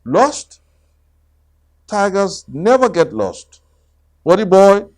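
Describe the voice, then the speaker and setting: A man voicing a cheerful, boisterous male tiger in a children's storybook reading, loud and exuberant. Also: on the high side, big pitch swings, slow. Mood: boastful. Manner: exuberant, shouting greetings.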